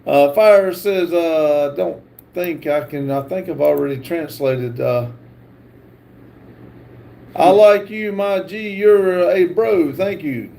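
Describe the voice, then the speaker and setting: A man hosting a livestream, reading viewer comments aloud with halting pauses and fillers. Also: a little high, gravelly, mellow. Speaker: livestream host.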